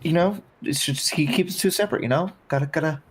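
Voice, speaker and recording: A man playing a flustered young gate guard who trips over his words and rambles on. He speaks at an everyday pitch, with nervous stammers and restarts. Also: fast, slight background noise, lightly acted. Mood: rambling.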